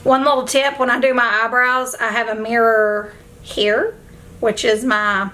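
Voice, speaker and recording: A young woman with a somewhat high voice talks in a loose get-ready-with-me chat at home. She is emotional and effusive, and she rambles between thoughts. She speaks into a camera set up in front of her. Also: moderate pace, fairly bright tone, slight background noise. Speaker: beauty vlogger. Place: at home, indoors.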